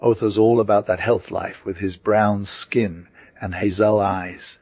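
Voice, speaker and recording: A man's voice: lowish voice, fairly even intonation, measured pace, a little mellow, no room sound. A man narrating a classic story in casual, slang-heavy modern words.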